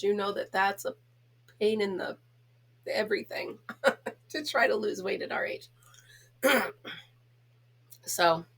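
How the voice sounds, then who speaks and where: A woman's voice: fairly high pitch, fairly bright tone. A middle-aged woman from the United States hosting a casual home chat vlog, talking in a chatty, giggly, self-teasing way. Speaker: host.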